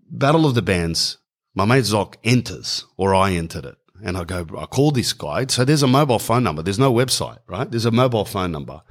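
Middle-aged aussie bloke telling a funny story, slangy and animated, chatting right to the crowd. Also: male voice, lowish voice. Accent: Australian. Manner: animated, casual slang, addresses audience directly. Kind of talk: stand-up storytelling.

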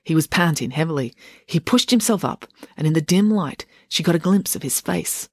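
Author reads own book at home, husky voice, dry close sound. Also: medium pitch, normal speed, dry recording. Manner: expressive reading, chatty sign-off. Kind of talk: audiobook-style reading. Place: home office. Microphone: home setup.

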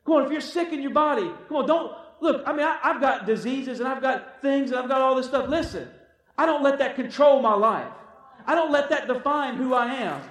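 Preacher guy with a really high voice, sounds far from the mic, lots of room echo, keeps saying come on. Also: a little fast, fairly bright tone. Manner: exhorting, repeats "come on", acts out quotes. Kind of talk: sermon.

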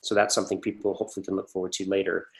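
A man being interviewed about his acting work, talking casually and rambling into lively stories with acted-out quotes. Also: low voice, rapid-fire, vocal fry. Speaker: actor guest.

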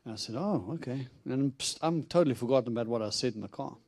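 Itinerant preacher, male, mellow tone, animated storyteller voicing his own quotes. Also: medium pitch, rapid-fire, creaky. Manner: animated storyteller, acts out quotes, laughs often. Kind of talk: storytelling sermon.

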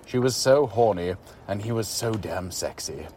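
A man reading a story aloud as scripted narration, in a steady, even way. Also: on the low side, normal speed, a little hiss or hum.

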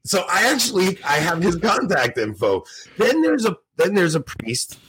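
A man co-hosting a podcast, telling excitable stories in casual chat, acting out his conversations and laughing often. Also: fairly high pitch, measured pace, noisy background. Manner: excitable storyteller, acts out dialogue, laughs often. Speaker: podcast co-host.

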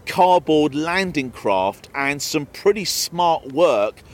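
A man presenting a documentary, narrating from a script in a solemn, measured way. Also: a little high, expressive.

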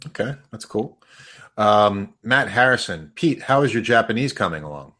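A man hosting a casual chat and reading out viewer questions in a relaxed, agreeable way. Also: lowish voice, moderate pace.

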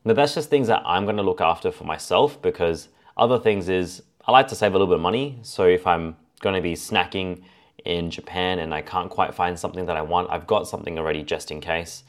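A man's voice: low-pitched, a little fast. A man hosting a solo fitness podcast, talking casually and laying out his tips point by point. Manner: chatty, lists points as A and B. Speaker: fitness coach podcast host.

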